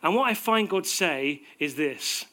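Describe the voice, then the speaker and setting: A man preaching a sermon in a conversational, animated way, acting out little quotes as he goes. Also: fairly high pitch, measured pace.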